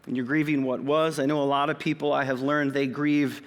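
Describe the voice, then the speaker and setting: A man's voice: mid-range voice, level tone, fairly quick. Man in his forties preaching in a reverberant hall. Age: 40s. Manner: conversational with personal asides. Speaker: pastor. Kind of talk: sermon. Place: church auditorium. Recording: long reverb of a church hall.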